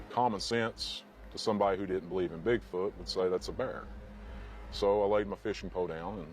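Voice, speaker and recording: A middle-aged man recounting his experience in an interview, plain-spoken and hesitant. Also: low-pitched. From Kentucky. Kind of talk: interview storytelling.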